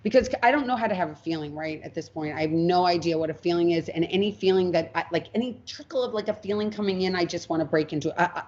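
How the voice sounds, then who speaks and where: A woman guest on a podcast, telling her own story frankly and acting out what she once said. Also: on the low side. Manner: frank, animated, acts out her past self in quotes. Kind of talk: candid personal storytelling. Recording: muffled lo-fi audio.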